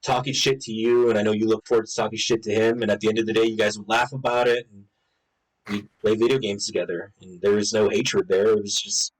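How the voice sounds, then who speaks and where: A man's voice: on the low side, little pitch movement, quick pace, poor audio. A man in casual conversation with friends, swearing freely, laughing often and mimicking friends as he tells stories. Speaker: co-host of a gaming channel. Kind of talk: casual memorial chat among friends.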